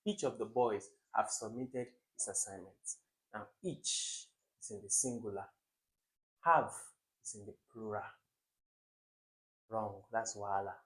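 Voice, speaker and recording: Lively man teaching an exam lesson. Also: lowish voice, measured pace, long pauses, low-quality recording. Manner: lively, emphatic, quizzes viewers with rhetorical questions. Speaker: exam prep tutor. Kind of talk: classroom-style exam lesson.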